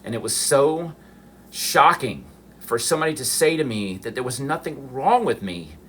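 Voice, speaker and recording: A middle-aged man telling a personal story on a livestream, emotional and halting, restarting his sentences. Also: mid-range voice, animated, a bit bright, a little hiss or hum. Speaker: livestream host.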